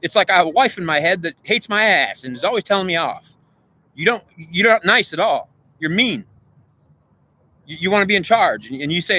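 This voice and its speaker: Agitated, rambling man with a bright voice. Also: high-pitched, animated, fairly quick. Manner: agitated, repetitive, pleading; addresses an unseen goddess directly. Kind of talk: rambling emotional monologue.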